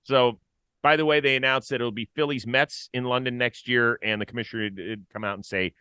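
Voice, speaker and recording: Man, baseball show host, playful, bright voice, dry close sound. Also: mid-range voice, a little fast, smooth, no echo. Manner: playful, stat-heavy, lively. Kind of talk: casual sports talk.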